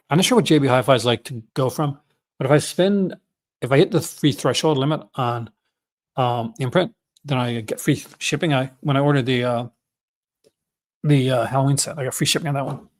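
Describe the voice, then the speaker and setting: Rambling enthusiastic man hosting a stream. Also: medium pitch. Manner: rambling, enthusiastic, self-correcting. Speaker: host. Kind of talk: casual chat, livestream.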